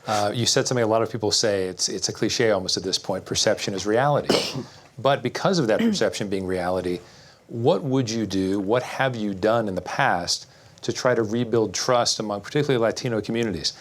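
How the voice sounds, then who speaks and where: A man's voice: lowish voice, a little fast. A man moderating a televised political debate, asking probing follow-up questions.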